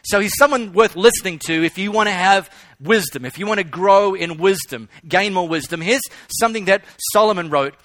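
Bright high-voiced preacher man. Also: a little fast, no echo. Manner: storytelling, emphatic repetition. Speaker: pastor. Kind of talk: sermon.

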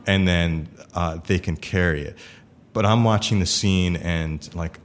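A man chatting casually about improv, talking haltingly with many fillers and restarts. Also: low voice, a little hiss or hum. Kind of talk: casual chat.

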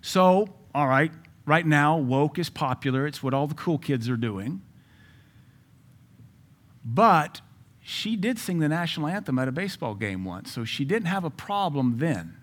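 A man preaching a sermon in an emphatic, conversational way, with asides to his listeners and sudden loud rises. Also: fairly high pitch, expressive, unhurried. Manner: jokes and asides to the audience.

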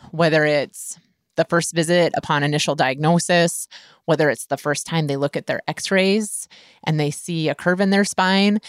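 A woman hosting a show as a scoliosis care provider, talking through an advice monologue in a relaxed, conversational way with many filler words. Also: deep voice, no echo, clean studio sound.

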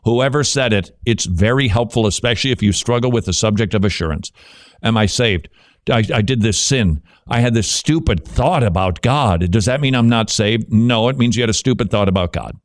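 A man hosting a radio talk show, joking and animated, who turns preacherly when he teaches. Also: fairly low pitch, brisk, no room sound, studio quality. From Dutch heritage.

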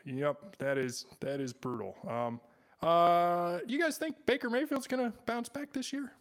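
A man's voice: high voice, animated, measured pace. Crude, joking young man on a podcast. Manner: crude, joking, laughs often. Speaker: podcast co-host. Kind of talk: casual podcast banter.

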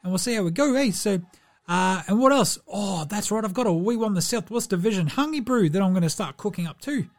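This man's impression is high-pitched and expressive, with vocal fry, as he plays a slow-witted, cheerful, laid-back New basketball player for a comedy sketch. Every line gets a drawl and ends with "Brew" and "eh".

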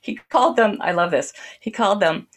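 A woman reading lyrical prose and then talking casually and enthusiastically about Celtic spirituality. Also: mid-range voice. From United States. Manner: unhurried, enthusiastic and storytelling.

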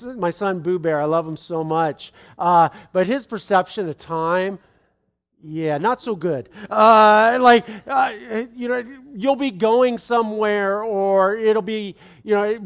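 Man, thirties, high-pitched, chatty sermon, rambling with restarts. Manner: rambling, with many restarts and asides. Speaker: pastor. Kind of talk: conversational sermon.

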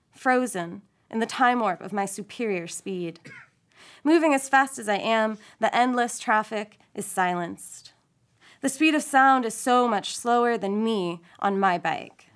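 A woman reading a first-person short story aloud, with an expressive, playful delivery and wry asides. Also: a little high. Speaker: story reader.

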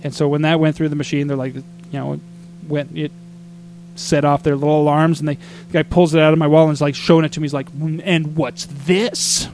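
Chatty man with a higher voice. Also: brisk, slight background noise. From Arizona. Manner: animated, exasperated storytelling with acted-out quotes. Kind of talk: casual storytelling chat.

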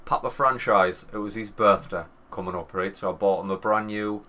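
A man in his thirties with a Northern English accent, co-hosting a podcast and telling a swearing, animated anecdote with quoted voices. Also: on the low side, moderate pace. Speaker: podcast co-host. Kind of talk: casual storytelling chat.

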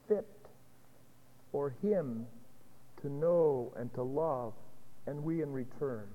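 A male pastor preaching a sermon, telling a story dramatically with long pauses. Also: medium pitch. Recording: dull echoey hall recording.

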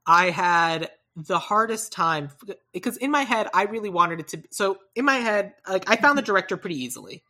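A woman co-hosting a casual podcast, talking through casting picks in a rambling, self-correcting way with animated asides. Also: mid-range voice, a little fast. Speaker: podcast co-host. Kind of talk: casual chat about movie casting.

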